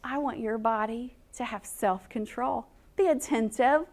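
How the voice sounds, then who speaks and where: A woman's voice: fairly high pitch, unhurried, a little mellow. A woman teacher giving a recorded lesson to young children, playful and encouraging with a sing-song delivery.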